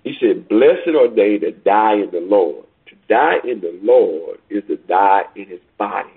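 A man preaching a sermon over a call, emphatic, swinging between loud peaks and quiet asides. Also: lowish voice, expressive, a little slow, husky. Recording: tinny phone line.

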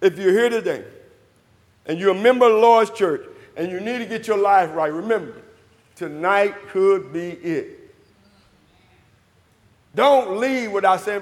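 Preacher guy in church, really high voice, shouts then drops low, asks and answers his own questions, echoey hall. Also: measured pace, pauses often. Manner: call-and-response preaching, asks questions and answers them himself; swings from shouts to low murmurs. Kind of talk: sermon. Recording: hall reverb.

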